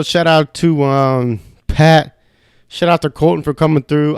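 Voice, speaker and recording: A man's voice: medium pitch, darkish tone, smooth, no room sound, clean studio sound. A young man hosting a podcast alone, rambling in a heated, profane, casual way. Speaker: podcast host. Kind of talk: casual solo podcast rant.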